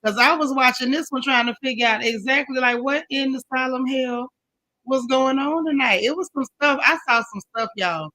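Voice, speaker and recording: Bright-voiced woman hosting a chatty livestream. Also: high-pitched, normal speed, a little hiss or hum, poor audio. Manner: chatty, greets viewers by name, folksy slang. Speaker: live-stream host. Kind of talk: casual live-stream chat.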